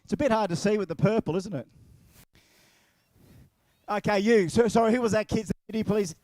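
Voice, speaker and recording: An Australian man emceeing at an outdoor racetrack, joking and teasing the crowd. His voice sits fairly high, and the sound is dry and close. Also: fairly quick, a little mellow, dry recording. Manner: jokey, playful, teasing. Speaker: event MC. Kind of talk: crowd banter at a live event. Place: outdoor drag racing track.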